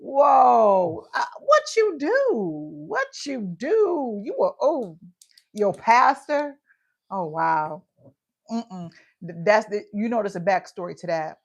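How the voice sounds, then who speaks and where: A woman's voice: fairly high pitch, slow. A woman co-hosting a livestream, chatting casually and teasing her partner. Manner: teasing, lively interjections. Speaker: livestream co-host. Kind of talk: casual banter.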